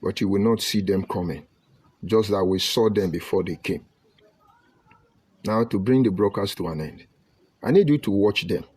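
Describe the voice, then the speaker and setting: A Nigerian man from Delta State giving an impassioned online broadcast, preaching emphatically and swinging between loud outbursts and low murmurs. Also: normal speed, pauses often, slightly rough, dry recording. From Nigeria (Delta State, Ika). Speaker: online commentator.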